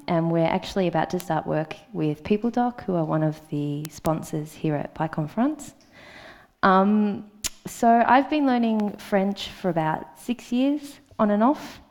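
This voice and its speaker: A woman's voice: fairly low pitch, measured pace, a little mellow. A woman in her thirties with an Australian accent, giving a conference talk in a hesitant way with many ums. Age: 30s. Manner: hesitant, with frequent ums and uhs. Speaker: conference speaker. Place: conference hall.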